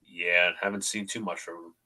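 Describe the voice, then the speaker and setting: A man's voice: deep voice, flat delivery, normal speed, sharp tone. A man co-hosting a fan football stream, breaking down plays and cracking goofy running jokes. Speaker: co-host, color commentator. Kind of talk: livestream play commentary.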